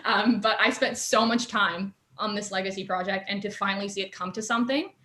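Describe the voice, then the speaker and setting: A woman's voice: mid-range voice, steady tone, fairly quick, pushed and bright. Chatty young woman in an echoey room. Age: young adult. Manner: chatty, lots of fillers. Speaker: guest. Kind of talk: casual chat.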